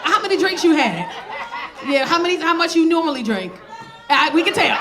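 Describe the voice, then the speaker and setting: A middle-aged woman comedian works a live club, brash and profane as she tells stories and picks on the crowd. Her voice sits high and bright. Loud audience laughter rolls behind her on a handheld stage mic. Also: sing-song, brisk, very noisy. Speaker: stand-up comedian. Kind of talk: stand-up set.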